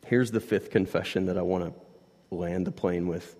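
A man's voice: sits low, fairly even intonation, normal speed. Man preaching in a reverberant hall. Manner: conversational, swings from hushed to loud, many "like" fillers. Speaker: pastor. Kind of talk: sermon.

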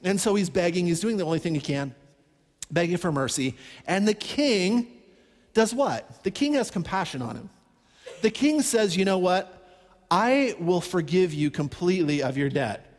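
Man, pastor, sermon, animated storytelling, high pitch, long hall reverb. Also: moderate pace. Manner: animated storytelling, acts out characters' pleas.

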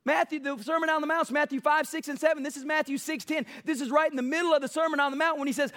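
High-voiced preacher man. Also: fairly even intonation, a little fast, hardly any pauses. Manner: emphatic, building passion, mocks soft quotes. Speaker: pastor. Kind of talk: sermon.

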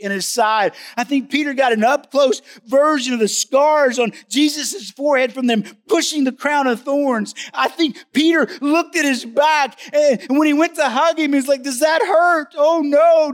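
A man's voice: very high-pitched, moderate pace, hardly any pauses. A male pastor preaching a sermon in a conversational, emphatic way, often asking the listeners questions.

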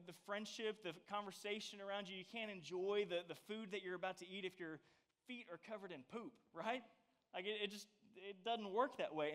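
A man giving a casual youth sermon, with animated, playful and exaggerated storytelling aimed at a young audience. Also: high voice.

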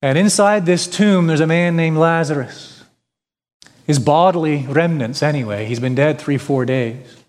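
A man's voice: fairly high pitch, measured pace, darkish tone. A male pastor preaching a sermon, emphatic, with rhetorical questions and repetition. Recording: long hall reverb.

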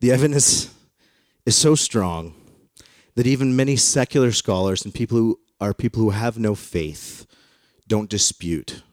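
A man's voice: on the low side, measured pace, darkish tone, no echo, studio quality. A male pastor delivering a sermon to a congregation, talking in a conversational, storytelling way. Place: in front of a congregation.

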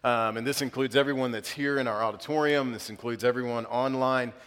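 A man, preaching a sermon and leading prayer, earnest and building to emphatic peaks with halting restarts. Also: medium pitch, steady tone, a bit bright. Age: 30s. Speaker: pastor. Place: church auditorium. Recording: long hall reverb.

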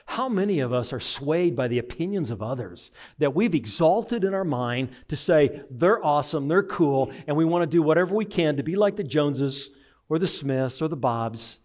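A man preaching a sermon, animated, acting out the voices of people he quotes. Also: a little high, moderate pace. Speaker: pastor.

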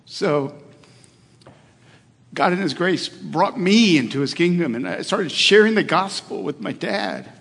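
A man's voice: fairly high pitch, sing-song, a little slow, creaky, fairly bright tone. A middle-aged male pastor preaching a sermon, telling a personal story in an earnest way with hesitations and restarts. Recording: long hall reverb.

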